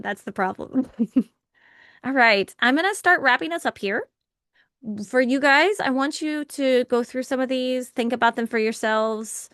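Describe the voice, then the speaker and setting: A woman's voice: a little high, a little slow, fairly bright tone, dry recording, studio quality. A young adult woman leading a live intention-setting workshop, talking conversationally, answering participants' chat messages and laughing often. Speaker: workshop facilitator.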